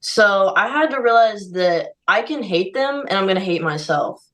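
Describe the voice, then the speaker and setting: A woman's voice: medium pitch, animated, normal speed, a bit bright, far from the mic, rough recording. Earnest young woman, a little off-mic. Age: young adult. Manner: earnest, heartfelt, peppered with "like" and "you know". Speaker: podcast guest. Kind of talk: candid conversational interview.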